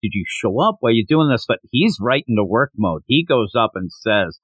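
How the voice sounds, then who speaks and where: A man co-hosting a podcast in casual discussion, slipping into quick put-on voices for the characters. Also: mid-range voice, sing-song, fairly bright tone, slightly rough, no echo. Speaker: podcast co-host.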